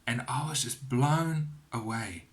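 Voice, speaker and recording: A man telling a personal faith testimony to his camera at home, earnest and encouraging, with lively storytelling. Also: medium pitch, slow pace. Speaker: Christian vlogger sharing testimony. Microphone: camera on a cheap wobbly phone holder.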